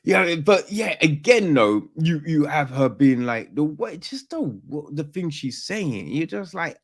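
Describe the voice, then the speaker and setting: Lively, profane man ranting about a film. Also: a little high, unhurried, few pauses. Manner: animated, profane, rambling with slang and restarts. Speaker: podcast host. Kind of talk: casual film review rant.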